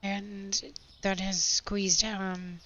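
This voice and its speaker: A woman, hoarse with her voice nearly gone, chatting and venting sarcastically while playing a game. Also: medium pitch, flat delivery, very slow, pushed and bright. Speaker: gaming channel host. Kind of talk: casual gameplay chat with storytelling. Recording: slightly dull home recording with faint background noise.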